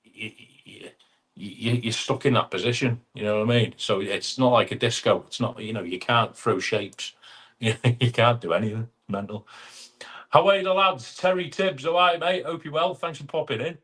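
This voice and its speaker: A man's voice: medium pitch, normal speed, a bit bright. A middle-aged man, hosting a casual live chat and greeting viewers by name as he reads their comments. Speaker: live stream host.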